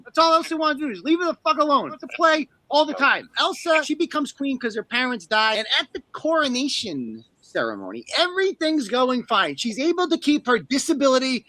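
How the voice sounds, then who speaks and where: Man, high bright voice, animated profane ranter, close dry mic. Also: normal speed, dry recording, low-quality recording. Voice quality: animated, swearing, mimics characters in high voices. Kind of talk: profane comedic rant.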